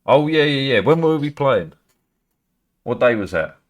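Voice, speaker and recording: A man's voice: mid-range voice, big pitch swings, unhurried. A man from Britain chatting casually on a live stream, swearing often and laughing. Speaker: livestreamer.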